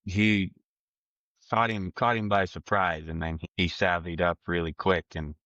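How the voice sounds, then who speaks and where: A man, an arm wrestler being interviewed, telling a story in a casual, animated way and acting out the voices he quotes. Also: deep voice, a little slow, no room sound, highs cut off.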